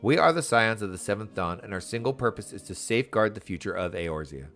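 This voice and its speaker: A man's voice: lowish voice, lively intonation, fast talker, fairly bright tone, voice pushed down. A man reading an earnest young woman leader. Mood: solemn. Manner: reads game dialogue aloud in a formal, earnest tone. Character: solemn young woman leading a sworn order. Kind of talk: reading game text aloud.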